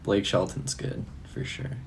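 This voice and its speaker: On a live stream, a young man chats casually, answering comments with loose, profane talk and frequent laughter. His voice moves at a measured pace against slight background noise.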